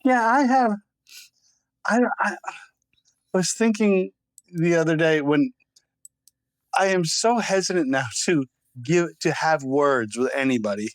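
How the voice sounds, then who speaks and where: A man's voice: on the high side, expressive, a little slow, pauses often, dry recording. A man co-hosting a casual podcast who talks hesitantly and often repeats words as he thinks. The recording is dry and close. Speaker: podcast co-host. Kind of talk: casual chat.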